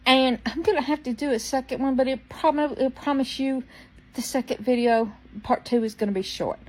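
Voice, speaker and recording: A woman's voice: high voice, steady tone, normal speed, low-quality recording. A woman casually telling a personal story, rambling with restarts and fillers and now and then coughing from a tickle in her throat. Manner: quotes people in changed voices, dropping to a hush for soft lines. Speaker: storyteller vlogger.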